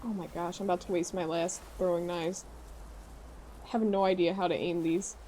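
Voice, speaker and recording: A young woman with a Midwestern American accent, chatting with her live-stream chat while playing a game, reading messages aloud with excitable reactions. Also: on the low side, normal speed, a little hiss or hum.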